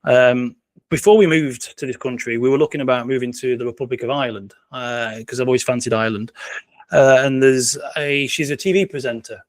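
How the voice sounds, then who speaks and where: A man's voice: mid-range voice, a little fast, dry recording. A British man from the UK, a guest in a casual interview, who rambles and repeats his words as he talks. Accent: British English.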